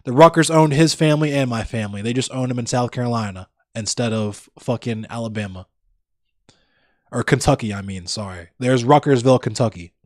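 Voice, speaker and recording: A man's voice: mid-range voice, brisk, darkish tone, no room sound, studio quality. A young man livestreaming, chatting casually with viewers in a blunt, profane, ranting way. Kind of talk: casual chat with live viewers.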